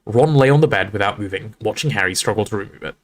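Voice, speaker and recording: A man reading a novel aloud on a livestream in an expressive, storytelling way, with casual asides to his audience. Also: lowish voice, fast.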